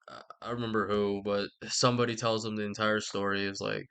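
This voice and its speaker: A man's voice: lowish voice, little pitch movement, a little fast, few pauses, fairly bright tone, clear, resonant tone. A man giving a rambling, sweary comic retelling with lots of asides. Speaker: vlogger.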